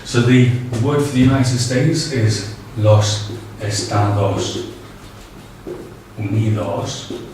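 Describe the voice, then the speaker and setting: Male tutor, slightly low voice, halting delivery; distant, roomy recording with faint hiss. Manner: hesitant, many ums and uhs. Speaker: language teacher. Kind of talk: casual spoken tutorial. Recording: very echoey, distant, faint background noise.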